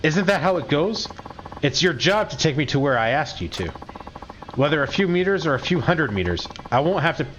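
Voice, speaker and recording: A man's voice: a little high, big pitch swings, brisk, fairly bright tone, voice pushed up. A haughty, grumbling woman passenger, put on by a man reading a game's lines, her voice raised and swinging widely between indignant peaks and huffy dips. She threatens and scolds in a slightly dull recording with a faint vehicle hum underneath. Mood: threatening. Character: grumpy demanding woman taxi passenger.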